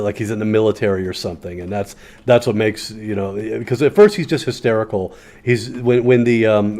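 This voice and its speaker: A man's voice: lowish voice, a little mellow. A man giving casual, rambling commentary while playing a shooting game, telling a story with a sardonic edge and lots of fillers and restarts. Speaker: gaming video host. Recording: faint gunfire and game noise behind. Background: game gunfire.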